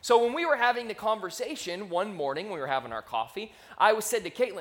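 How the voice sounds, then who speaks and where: Male pastor, 30s, high voice, conversational sermon with animated outbursts, handheld mic. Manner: conversational, animated storytelling with quick rises in volume. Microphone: handheld microphone.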